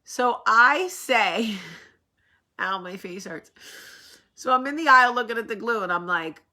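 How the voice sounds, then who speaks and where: Bright-voiced New York-accented woman storyteller. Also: on the high side, unhurried. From New Jersey. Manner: animated, swears freely, laughs while telling. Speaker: host. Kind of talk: casual storytelling chat.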